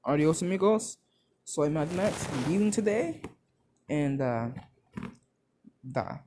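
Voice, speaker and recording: A young man narrates a made-up fan story in a casual, rambling way, leaning on fillers. He talks slowly, with a lively, swinging pitch. His voice sounds soft and dark. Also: slight background noise. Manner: rambling, full of "like" and "you know" fillers. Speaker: video creator.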